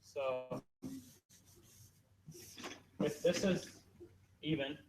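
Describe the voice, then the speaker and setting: A man's voice: mid-range voice, drawn-out words. A man casually tutoring a small group through graphing problems, with lots of "like" and "you know". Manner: relaxed, filler-heavy explaining. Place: classroom. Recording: echoey classroom, far from mic, noisy.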